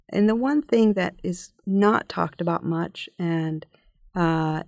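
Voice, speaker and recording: Gravelly-voiced woman, measured podcast guest. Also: sits low, a little mellow, no echo, clean studio sound. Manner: measured, thoughtful, with frequent fillers and restarts. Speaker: policy researcher guest. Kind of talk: podcast interview answers.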